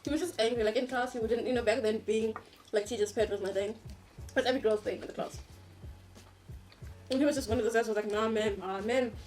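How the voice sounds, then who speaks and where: Young woman co-host, fairly high voice, animated giggly storytelling, light music in the background. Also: fast, pauses often. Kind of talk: casual chat over a meal.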